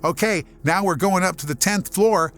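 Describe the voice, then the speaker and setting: Man reading as a calm teenage boy guide. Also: sits high, normal speed, soft background music, pitched above the performer's own voice. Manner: explaining, reassuring. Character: teenage boy leading his friends, calm, brave.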